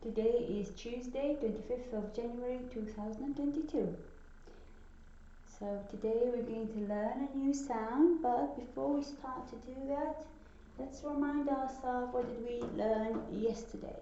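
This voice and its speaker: Slow, patient woman teaching phonics. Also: on the high side, warm tone, slight background noise. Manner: slow, patient, repeats sounds for children. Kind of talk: phonics lesson for young children. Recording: echoey room, dull lo-fi sound.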